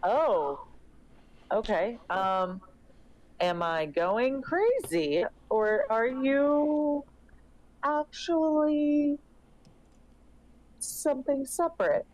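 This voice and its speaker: A woman's voice: sits high, lively intonation, extremely slow, pauses often, a little mellow. A woman playing her character in a tabletop game, asking hesitant, curious questions. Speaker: player. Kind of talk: in-character tabletop role-play. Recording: dull lo-fi mic.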